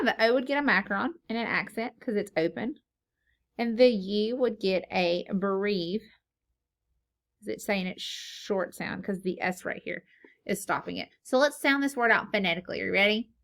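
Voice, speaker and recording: A woman's voice: mid-range voice, creaky, fairly bright tone. Patient woman teaching a phonics lesson. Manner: patient, asks questions and answers them herself. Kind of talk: phonics lesson for young children.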